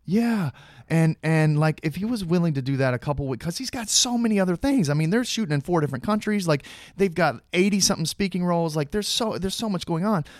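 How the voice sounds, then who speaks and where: Speaking fast and animatedly in a fairly high voice, this male actor guest spins out a lengthy, meandering story. He keeps restarting and performs the lines of quoted dialogue, and the studio-quality recording has no echo.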